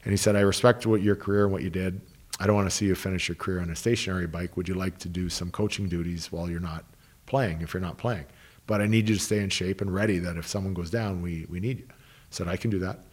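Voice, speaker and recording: A man's voice: deep voice, fairly even intonation, fast, a little mellow. A man, a hockey coach, telling long anecdotes in an interview, restarting sentences and quoting people he worked with. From Canada. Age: 30s. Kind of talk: interview storytelling.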